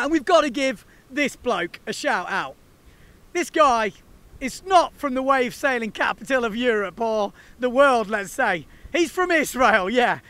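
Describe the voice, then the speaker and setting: A man's voice: very high-pitched, bright, forceful tone. A man hosting a windsurfing video, chatting casually and enthusiastically to the camera in slangy talk.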